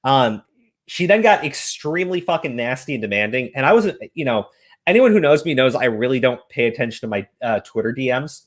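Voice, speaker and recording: Man, streamer, casual commentary, profane ranting, animated pitch. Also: brisk.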